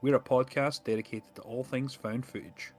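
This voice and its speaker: A man's voice: mid-range voice, fairly even intonation, moderate pace, soft background music. A man co-hosting a casual podcast, chatting loosely with frequent laughs and fillers. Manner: laughs often, many fillers. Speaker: podcast co-host.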